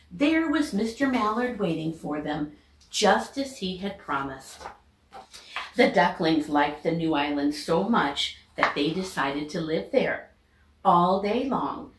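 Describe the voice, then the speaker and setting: A woman teacher reading a children's storybook aloud with expressive, lively character voices. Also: fairly low pitch, echoey room.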